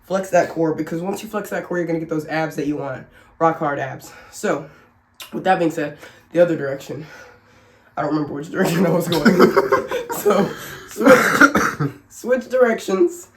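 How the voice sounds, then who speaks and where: Her low, expressive voice moves fairly quickly, with slight background noise in an echoey home room. The family vlogger, sick and short of breath, demonstrates simple workouts in a casual instructional vlog, chatty and joking and quick to laugh at herself.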